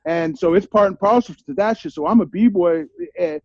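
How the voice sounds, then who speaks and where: A man's voice: sits high, moderate pace, a little mellow, no echo, dull audio. A middle-aged man telling candid stories as an interview guest, in street slang with plenty of swearing and repeated "you feel me?". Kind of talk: candid storytelling.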